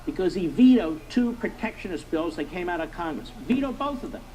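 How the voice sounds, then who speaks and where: Middle-aged guy ranting on political talk, pitched kinda high, hammers the same points over and over. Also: expressive, a little fast, dark tone, slight background noise, low-quality recording. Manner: emphatic, rhetorical questions, repetition. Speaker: talk show host. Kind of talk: political commentary monologue.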